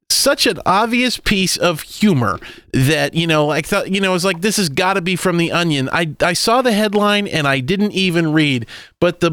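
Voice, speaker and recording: A man's voice: high-pitched, a bit bright, dry recording, clean studio sound. A man co-hosting a comedy talk show, chatting loosely with chuckles and restarts. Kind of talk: casual comedic banter.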